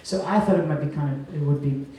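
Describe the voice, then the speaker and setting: A man from Rhode Island, a cabaret singer speaking to a live audience as he presents an award, chatty and joking, then going soft and tender. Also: fairly high pitch, fast talker, a little hiss or hum. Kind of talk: live stage speech to an audience. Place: cabaret venue stage. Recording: echoey room heard from a distance.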